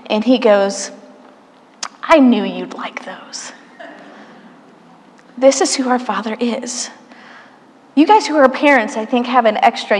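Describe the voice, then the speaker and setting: A woman preaching a sermon in a church, telling stories with playful asides and dropping to a soft hush at quiet moments. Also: a little high. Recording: church hall reverb.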